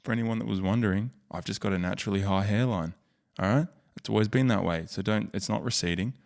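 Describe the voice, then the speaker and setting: Australian male vlogger, low voice, jokey, self-mocking, off-the-cuff commentary. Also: fast talker, vocal fry, a little mellow. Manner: joking, rambling, self-mocking. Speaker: YouTube host. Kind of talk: casual screen-share commentary.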